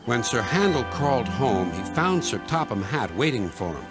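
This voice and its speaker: A man narrates a children's railway story in a gentle, measured way. His voice sits in a middle pitch but moves up and down with plenty of life, and music plays behind him. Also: sing-song.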